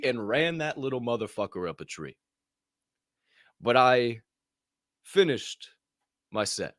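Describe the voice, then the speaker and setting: Animated, profane middle-aged podcast host. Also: male voice, mid-range voice, takes it slowly, pauses often, no echo, clean studio sound. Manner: animated, profane, acts out other people's voices loudly. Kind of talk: casual storytelling.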